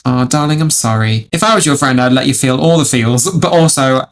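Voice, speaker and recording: A man with a gravelly, creaky voice reacts to online stories as a video host. He is dramatic and swears freely, and he calls the listener darling over and over. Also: mid-range voice, fairly quick, a little hiss or hum.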